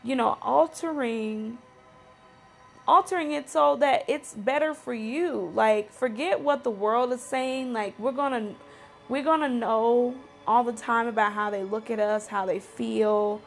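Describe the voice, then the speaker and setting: A woman's voice: on the high side, a little slow, creaky. A woman talks straight to her viewers in a fervent, frustrated flow, her slightly raised voice stumbling through fillers and restarts as she presses her point. Faint music sits underneath. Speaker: series host addressing viewers. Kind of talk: impassioned personal commentary to camera.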